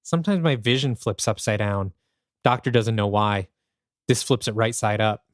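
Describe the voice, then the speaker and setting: Sad quiet 12 yo girl, guy reading her mostly in his own voice, dry close mic. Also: lowish voice, normal speed, dry recording, natural voice. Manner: quiet, tearful. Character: sad twelve-year-old girl. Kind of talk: podcast story reading.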